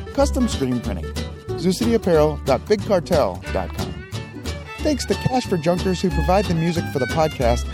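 An announcer reading the podcast's sponsor credits in an even, promotional script. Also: mid-range voice. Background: guitar and fiddle music.

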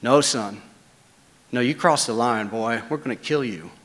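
A man doing quiet menacing drunk thug. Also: mid-range voice, measured pace, long reverb tail, lightly acted. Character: drunk menacing male copper thieves.

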